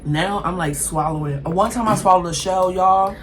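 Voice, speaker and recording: A woman's voice: lowish voice, moderate pace, rough recording. A woman hosting an eating show, talking casually and emphatically straight to her viewers. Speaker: mukbang host. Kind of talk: casual chat while eating. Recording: faint background noise.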